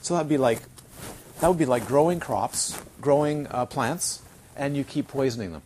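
Mellow-voiced man giving a Dharma talk. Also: mid-range voice, normal speed, a little hiss or hum. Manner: conversational, checks in with listeners, tells funny anecdotes. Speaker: Buddhist teacher. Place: retreat centre.

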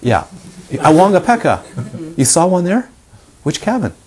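A man's voice: high-pitched, big pitch swings, unhurried. A man giving a meditation teacher's live talk to a group, often questioning the audience and acting out examples.

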